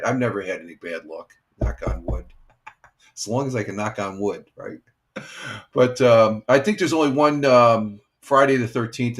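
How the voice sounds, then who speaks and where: Hosting a casual morning live stream, a retired firefighter in his sixties speaks in a lowish voice. His chat with viewers is rambling and easygoing, packed with fillers.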